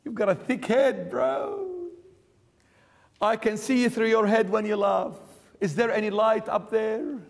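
A sneering man taunting a friend in slangy jabs, as a preacher acts him out in his sermon. The voice sits high for a man, and a long reverb trails each word. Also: fairly even intonation, measured pace, creaky. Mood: mocking. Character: sneering man mocking a dull-witted friend.

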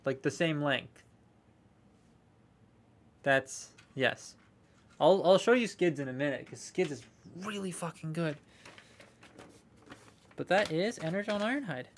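A man's voice: a little high, a little slow, pauses often, slight background noise. Chatty man unboxing toys live. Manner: rambling, chatty, swears freely, answers viewer comments. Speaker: toy collector streaming a live unboxing. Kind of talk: casual live-stream chat.

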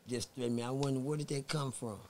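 A man's voice: mid-range voice, normal speed, slight background noise. A man from Texas, a podcast guest telling a story in casual, profane talk, acting out the voices of the people in it. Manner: profane, animated, acts out voices in his stories.

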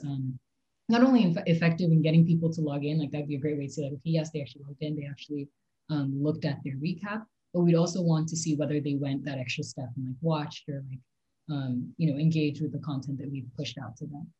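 Low mellow woman talking fast. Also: highs cut off. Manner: fast-talking with frequent "like" and "um" fillers. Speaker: interview candidate. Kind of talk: mock job interview answers.

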